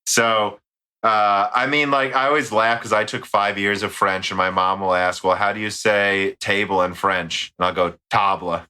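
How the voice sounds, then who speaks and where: A man's voice: fairly low pitch, fairly even intonation, normal speed, bright, forceful tone, clean tone. An American man hosting a casual tech podcast, rambling and joking as he reads listener mail. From United States. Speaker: podcast host.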